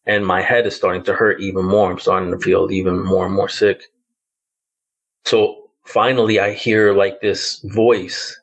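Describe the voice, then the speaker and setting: A somewhat low-voiced man around fifty, from the Bronx, talks through a haunting memory as a podcast guest. He tells it casually and haltingly, stacking fillers as he feels for the right words. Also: level tone, low-quality recording. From the Bronx, New York. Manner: loose, hesitant storytelling with many fillers like "like" and "um". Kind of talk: telling a personal ghost story.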